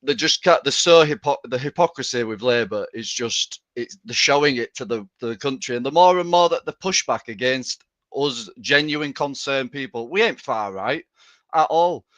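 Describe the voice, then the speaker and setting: A man's voice: medium pitch, expressive, moderate pace, a bit bright, no echo. A man, calling in to a live stream and speaking with rousing passion over a video call. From England. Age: 30s. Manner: impassioned, rousing. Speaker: caller.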